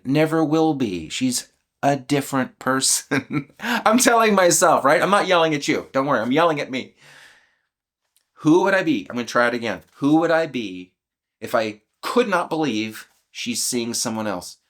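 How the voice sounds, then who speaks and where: A man's voice: medium pitch, expressive, moderate pace. A man in his fifties speaking candidly and emotionally, questioning his own beliefs aloud in a reflective self-inquiry. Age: 50s. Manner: candid and vulnerable, with soft laughs. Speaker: channel host.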